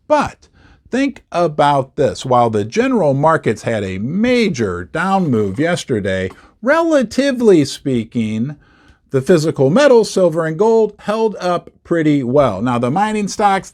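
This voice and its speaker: A middle-aged man hosting his own channel, giving casual market commentary in an emphatic way, often repeating words for stress. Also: fairly high pitch. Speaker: host.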